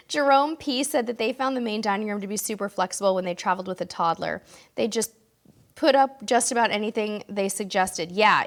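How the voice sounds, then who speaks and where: A woman hosting a casual live question-and-answer stream, reading viewer comments aloud and answering them, tired and losing her voice. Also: a little high.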